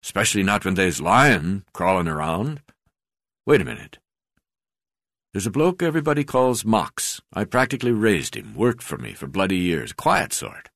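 A man voicing a boozy, portly, profane older male magistrate-rancher who talks bluntly and jokes with a croaky voice. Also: low-pitched, sing-song, normal speed, a bit bright, no room sound, studio quality, full character voice. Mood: gruff joking. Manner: blunt, swearing, joking.

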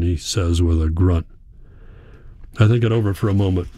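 Man reading a story out, low mellow voice, dry close mic. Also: normal speed, long pauses, no room sound. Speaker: audiobook narrator. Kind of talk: scripted first-person narration.

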